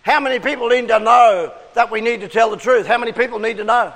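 A man's voice: very high-pitched, fast talker, fairly bright tone, big-room sound. A man preaching an interactive sermon, coaxing the congregation with questions and call-and-response.

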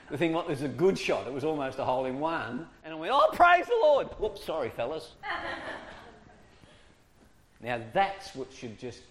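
A man's voice: medium pitch, a little hiss or hum. A man giving a humorous teaching talk to an audience of church workers, chuckling often and acting out quoted voices. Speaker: preacher training children's ministry workers.

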